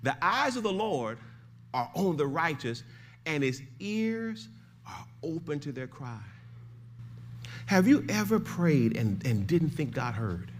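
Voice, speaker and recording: Older guy preaching, voice jumps all over, yells then goes real quiet and low. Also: very animated, takes it slowly, a little hiss or hum. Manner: swings from shouted pleading to hushed, low emphasis. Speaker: pastor. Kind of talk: sermon.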